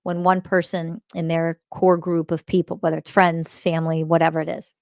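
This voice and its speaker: A woman's voice: low-pitched, level tone, normal speed, dry recording, studio quality. A woman podcast host teaching spirituality in a blunt monologue, swearing often and firing rhetorical questions, repeating key phrases for emphasis.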